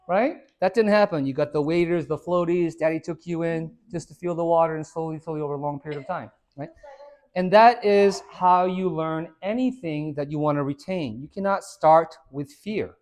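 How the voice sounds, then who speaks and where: A man's voice: fairly high pitch, moderate pace. A middle-aged man, a fitness coach, giving a motivational talk to a small group in a salon, telling stories and acting out both sides of conversations with jokes. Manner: animated storyteller acting out dialogue, jokey. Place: hair salon, indoors.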